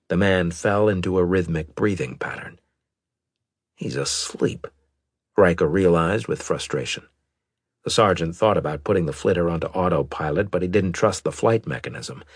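A man narrating a story in steady scripted storytelling, close to a studio mic. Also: sits low, moderate pace, breathy edge, no echo. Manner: steady storytelling with expressive character voices. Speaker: audiobook narrator.

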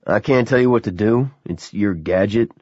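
A man's voice: fairly low pitch, moderate pace, mellow, breathy edge, dry recording, dull audio. A man doing a blunt middle-aged teacher. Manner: blunt, matter-of-fact.

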